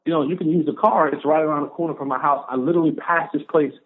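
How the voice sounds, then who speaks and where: A man in his thirties, a guest on a podcast, telling a personal story in an animated way and acting out the voices of the people in it. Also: on the high side, racing. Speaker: podcast guest, former pro football player. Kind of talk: storytelling in an interview. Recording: narrow phone-like sound.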